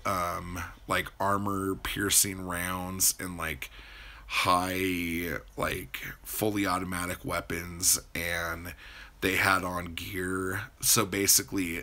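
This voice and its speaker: Man, livestream host, casual rambling chat, slow unhurried pace, bright tone, swears. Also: sits low, vocal fry. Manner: rambling, answers viewer chat, swears freely.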